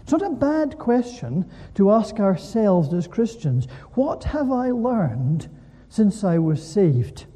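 Animated preacher in a reverberant hall. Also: male voice, high-pitched, takes it slowly, husky. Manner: animated preaching with rhetorical questions. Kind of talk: sermon.

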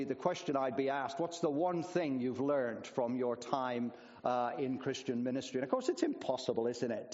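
A man's voice: mid-range voice, a little mellow. A man in his sixties with a mixed international, partly American accent, a retired pastor giving a chatty, hesitant sermon. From Bolivia. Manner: chatty, hesitant with many fillers. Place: church hall. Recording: dull sound, long church reverb.

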